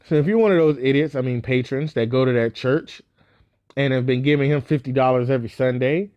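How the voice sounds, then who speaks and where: A man's voice: mid-range voice, brisk, darkish tone, clean tone, dry recording, muffled recording. A young man hosting a solo podcast, giving blunt, sarcastic opinions with frequent fillers and restarts, recorded close on a mic. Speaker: podcast host.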